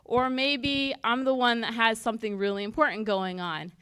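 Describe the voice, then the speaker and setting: A woman's voice: fairly high pitch, fairly even intonation, normal speed, a bit bright, smooth, dry recording. Woman giving a conversational church talk. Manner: conversational, acts out little dialogues. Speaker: church speaker. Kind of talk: teaching talk.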